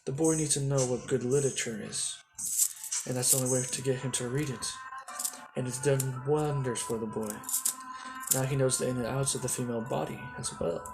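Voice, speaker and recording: A shameless older ninja teacher who brags bluntly, played by a man reading a fan story. The voice sits at an ordinary male pitch. Clear music runs underneath. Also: fairly even intonation, brisk, natural voice, poor audio. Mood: boastful. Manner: boastful, blunt.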